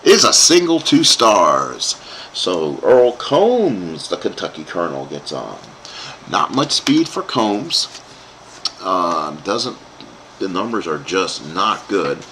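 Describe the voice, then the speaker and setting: A man's voice: low voice, sing-song, takes it slowly, a bit bright, slight background noise. A man calling play-by-play for a tabletop baseball game he is playing himself, rambling into asides for his live chat. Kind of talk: play-by-play commentary of a dice game.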